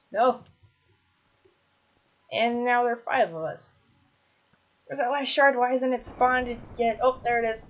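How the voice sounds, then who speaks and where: A woman commentating her own gameplay, chatty, bursting into excited shouts when things go wrong. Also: fairly high pitch, unhurried, pauses often, muffled recording. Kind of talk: Minecraft let's play commentary.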